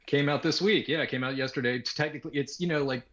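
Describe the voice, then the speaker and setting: A man hosting a live game news stream, joking around in a playful, animated way. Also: medium pitch, fast talker, lo-fi sound. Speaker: podcast host. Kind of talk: casual live stream chat.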